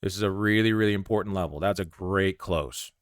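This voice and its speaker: A man giving live commentary on his day trade, thinking aloud in a calm, conversational way. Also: deep voice, fairly quick, clear, resonant tone, no room sound, clean studio sound.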